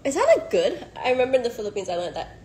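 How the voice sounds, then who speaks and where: Young woman, livestream co-host, giggly, quick and lively, phone mic. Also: fairly high pitch, a little hiss or hum. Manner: giggly, switches between English and Thai. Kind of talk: casual livestream chat.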